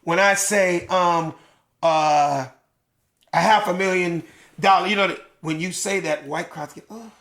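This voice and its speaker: Middle-aged male comic, fairly high, bright delivery; animated storyteller who slips into character voices. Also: unhurried. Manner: animated storyteller, acts out crowd voices, swears freely. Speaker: stand-up comedian, podcast guest. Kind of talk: casual podcast chat, retelling a stand-up bit.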